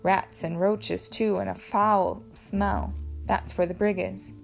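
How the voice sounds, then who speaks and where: A man's voice: high-pitched, steady tone, slow, vocal fry, faint music behind, exaggerated voice. A woman voicing a shy, humble old sailor who speaks deferentially.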